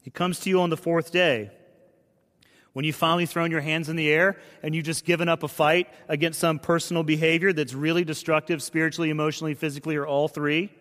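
A man's voice: a little high, level tone, fast. Earnest male pastor in a reverberant hall. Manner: conversational, earnest preaching with hushed, dropping phrases. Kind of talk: sermon. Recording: long reverb of a large hall.

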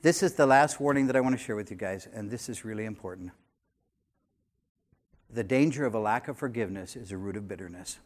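An older man in his sixties preaching a sermon, animated, swinging between loud emphasis and quiet conversational asides. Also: fairly low pitch, brisk. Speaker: pastor.

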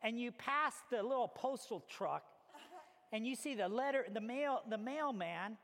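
A man preaching a sermon as a pastor, telling stories with animated acted-out little scenes. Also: extremely high pitch, a little slow. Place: church hall. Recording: reverberant hall.

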